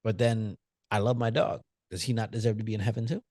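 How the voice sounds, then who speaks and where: A man's voice: lowish voice, fairly even intonation, fast, dark tone, no room sound, clean studio sound. A man co-hosting a casual movie podcast, loose and profane, teasing his friend and musing aloud with restarts. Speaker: podcast co-host. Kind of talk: casual movie-review chat.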